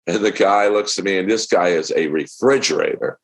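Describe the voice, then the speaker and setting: A middle-aged man, a comedian guest on a podcast, telling stories in a casual, animated way and acting out what people said. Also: sits low, a little fast, hardly any pauses. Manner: animated storyteller acting out quotes.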